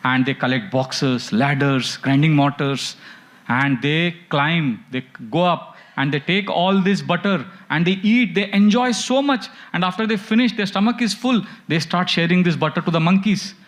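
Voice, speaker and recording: A man's voice: on the high side, normal speed. A man teaching a devotional class, telling stories with animation and chanting verses. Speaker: spiritual teacher.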